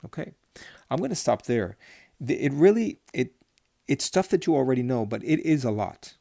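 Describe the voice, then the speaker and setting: A man teaching Torah cantillation, slowly chanting Hebrew words and then explaining them in a patient, step-by-step way. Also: mid-range voice, big pitch swings, creaky, mellow, no room sound, studio quality.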